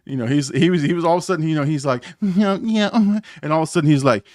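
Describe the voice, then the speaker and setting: Animated man telling a story, close dry mic. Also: rapid-fire, no room sound. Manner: animated storyteller, mimics others in a high shouting voice; laughs often, stammers and restarts. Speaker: podcast host. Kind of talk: casual live-stream chat.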